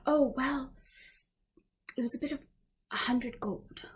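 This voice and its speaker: A woman voicing a female cleric in a lighter, raspier voice, speaking politely and measuredly. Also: sits high, slow pace, voice pushed up, full character voice. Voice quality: raspy.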